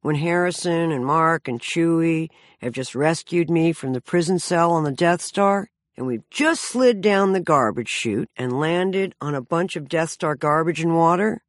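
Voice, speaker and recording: Wry woman around sixty, lively delivery. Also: deep voice, unhurried, few pauses, no echo. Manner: dry, wry, self-mocking delivery. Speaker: author narrating her memoir. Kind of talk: humorous memoir narration.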